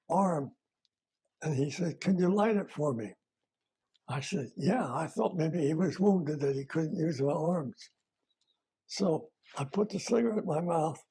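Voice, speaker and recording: An older retired army veteran man recalling his service in a plain-spoken, halting way, with fillers and self-corrections. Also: a little high, warm tone, husky. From United States. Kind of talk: oral history recollection.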